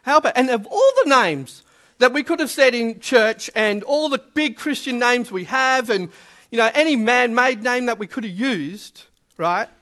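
High, bright-toned male preacher who hammers home key words. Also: lively intonation, moderate pace. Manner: emphatic, repeats key words. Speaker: pastor. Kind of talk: sermon with opening prayer.

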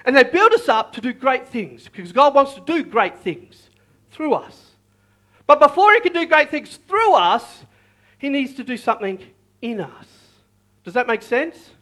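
A high-pitched man preaching a sermon with a bright, forceful tone. He talks in a lively, repetitive way and keeps calling out to his listeners. His pitch swings up and down a lot. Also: measured pace. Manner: lively, repetitive, calls out to the congregation. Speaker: pastor.

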